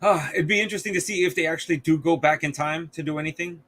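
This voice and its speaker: Male podcast co-host, laid-back and halting, casual swearing. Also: a little high, fairly bright tone. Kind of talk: casual chat.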